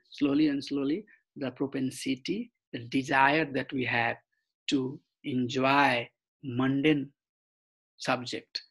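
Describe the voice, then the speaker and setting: A man giving an online scripture class, halting, with many fillers and restarts. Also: mid-range voice, husky, rough recording. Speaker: scripture study teacher. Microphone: computer mic on a video call.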